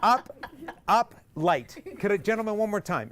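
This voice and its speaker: A man's voice: a little high, expressive, moderate pace, loud music behind the voice. A man teaching a group singing workshop, joking and singing lines to demonstrate. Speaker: singing instructor.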